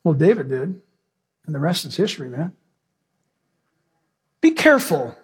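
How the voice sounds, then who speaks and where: A male pastor preaching a sermon with animated storytelling, acting out the characters in his stories. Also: on the high side, brisk, slightly rough.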